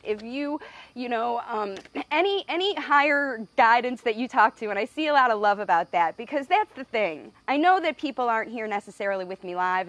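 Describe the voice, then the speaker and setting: A woman's voice: on the high side, fairly bright tone. Earnest middle-aged woman, emotional live stream. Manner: earnest, emotional, laughing often. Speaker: speech pathologist hosting a live video. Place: standing outside by a window.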